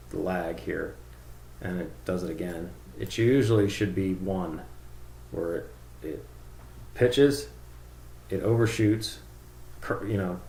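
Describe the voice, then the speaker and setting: Low gravelly man rambling through a tutorial. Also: darkish tone, reverberant, slight background noise. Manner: rambling, thinking aloud with fillers. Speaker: drone tuning reviewer. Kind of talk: casual screen-share tutorial.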